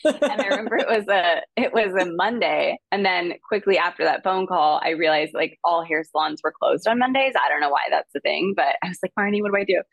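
A woman's voice: lively intonation, fairly quick, creaky, no echo. A woman guest on an interview show, telling a story casually with lots of fillers and laughter, and acting out the people she quotes. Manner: chatty, filler-heavy, laughs often, acts out quoted voices in a higher pitch. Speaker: guest actress.

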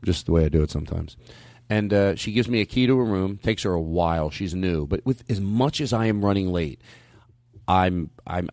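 A man's voice: normal speed, dry recording. A man and comedian hosting a podcast, telling a story in casual chat and acting out his own outbursts. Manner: animated storyteller who acts out his own outbursts, swinging high and loud.

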